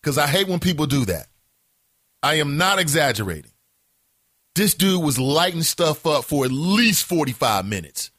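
A man hosting a casual morning talk show, telling a story in an animated, profane way. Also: fairly high pitch, normal speed, no room sound, clean studio sound. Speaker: host.

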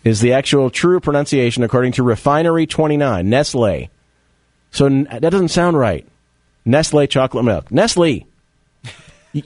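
A man's voice: mid-range voice, a little mellow, dry recording. A man hosting a casual radio talk show, joking and quizzing his co-host.

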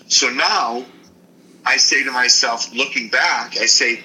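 A former football player from Michigan, a man telling blunt, animated stories in an interview. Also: medium pitch, measured pace, slight background noise, rough recording. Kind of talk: storytelling interview.

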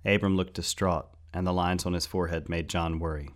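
A man narrating a fantasy story in a steady, measured audiobook style. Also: sits low.

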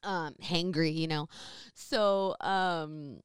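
Casual storyteller girl, lots of "like", smooth tone, lower pitch. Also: very slow, dry recording, studio quality. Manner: rambling, filler-heavy, animated retelling.

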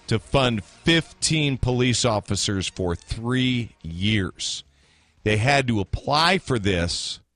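A man's voice: medium pitch, fairly bright tone. Blunt ranting male radio host. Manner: blunt, ranting, with sarcastic asides. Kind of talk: opinionated radio commentary.

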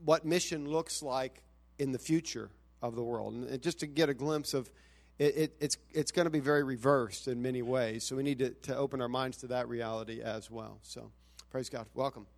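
A man introduces a visiting missionary to his congregation in an earnest, halting way. His voice sits in a middle register, and he often restarts his sentences. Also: medium pitch, fairly even intonation, vocal fry. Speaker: pastor introducing a guest. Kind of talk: church introduction.

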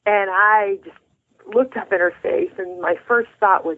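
A woman's voice: mid-range voice, a little slow. A middle-aged woman, a guest author, telling her story of faith in an earnest, heartfelt way. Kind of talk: faith testimony in an interview. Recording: tinny phone line.

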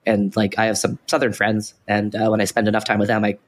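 This podcast co-host is a fast-talking man with a lowish voice and a level tone. He rambles casually as he explains things, restarting often and leaning on "like" as filler.

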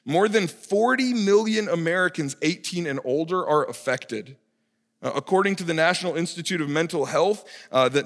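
A young man with a notably high voice preaches a sermon, conversational and quick with self-deprecating humor. His words ring out with long reverb through a large church sanctuary, like a pastor talking to his congregation from the stage. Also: a bit bright. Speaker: family discipleship pastor.

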